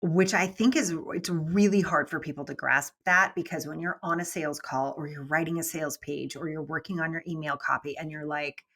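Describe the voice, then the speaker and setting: Animated woman business mentor, lively talk. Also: fairly low pitch. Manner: animated, acts out quoted voices, laughs often. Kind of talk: casual interview talk.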